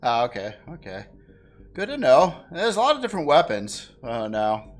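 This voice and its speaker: A man's voice: medium pitch, wildly swooping pitch, normal speed, soft background music. Easygoing man chatting over gameplay. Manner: easygoing, laughs often, flares up when frustrated. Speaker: game streamer. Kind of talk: casual gameplay chat.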